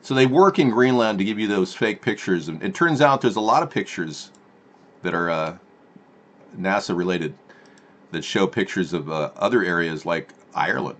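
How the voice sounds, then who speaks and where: A man's voice: low-pitched, animated, normal speed, fairly bright tone. A man hosting a political live stream from home, rambling with sarcastic asides and answering chat.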